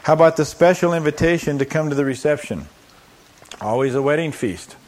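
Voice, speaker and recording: A man's voice: on the high side, lively intonation, a little fast, darkish tone, a little hiss or hum. A man preaching a sermon as a pastor. He poses rhetorical questions and answers them, acts out quoted voices and adds humorous asides.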